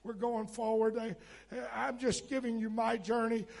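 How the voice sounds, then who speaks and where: A male pastor with a very high voice that has a gravelly edge. He preaches fervently, swelling into shouts, then drops into frank, conversational asides to the congregation. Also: level tone, moderate pace. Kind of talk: sermon.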